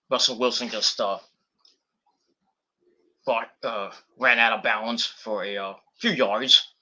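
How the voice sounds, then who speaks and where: A man's voice: mid-range voice, bright, forceful tone, slightly rough. A man casually reviewing wrestling on a live stream, rambling and swearing, with lots of fillers and restarts.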